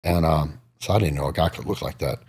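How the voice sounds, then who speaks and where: Speaking in an extremely low, husky voice at a quick pace, a bodybuilder in his forties guests on a casual interview. He tells his stories with animation, performing other people's voices as he quotes them.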